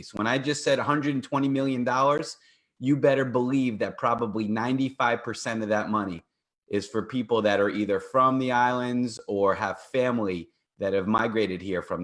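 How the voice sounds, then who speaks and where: A man's voice: on the low side, a bit bright. Upbeat man hosting a legal radio show. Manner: upbeat, promotional, playful banter. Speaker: personal injury attorney and show host. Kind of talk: radio call-in show talk.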